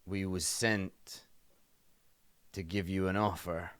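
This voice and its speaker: A man's voice: deep voice, steady tone, slow, a bit bright, clean tone, dry recording, pitched below the performer's own voice. A man playing a blunt, ungrammatical male thug who lectures about workers' pay in a tabletop game. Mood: gruff. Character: gruff male thug, pro-union, ungrammatical.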